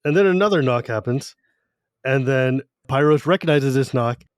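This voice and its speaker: Male co-host, enthusiastic, casual recap; average pitch, dry sound. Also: clean tone, dry recording. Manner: enthusiastic, retells scenes in quick voices. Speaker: podcast co-host. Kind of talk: casual book discussion.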